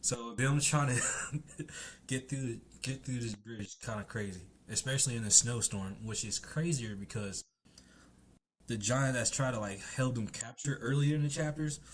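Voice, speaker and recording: A man's voice: mid-range voice, normal speed, slight background noise. A man casually recapping a comic chapter, laughing often and swearing freely. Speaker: manga chapter reviewer.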